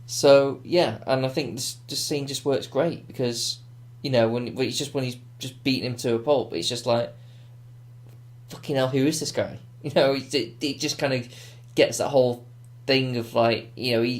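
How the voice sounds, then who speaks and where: A man's voice: mid-range voice, fairly even intonation, normal speed, few pauses. A man co-hosting a podcast, reviewing a film in casual, rambling chat full of fillers and restarts. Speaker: podcast co-host.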